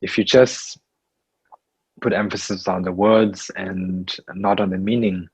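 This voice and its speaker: A man teaching a Buddhist class in English, speaking slowly and haltingly with many fillers and restarts. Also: deep voice, little pitch movement, husky, no echo, rough recording.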